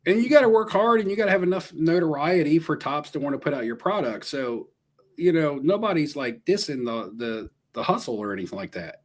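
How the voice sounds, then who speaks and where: A man's voice: fairly high pitch, expressive, a little fast. A man co-hosting a trading card stream in casual chat, with teasing banter and easy laughs.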